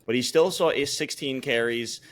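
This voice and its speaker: A man co-hosting a podcast, talking through fantasy football results in a relaxed, loose way with frequent restarts. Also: medium pitch, moderate pace. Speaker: podcast co-host. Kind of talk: casual fantasy football chat.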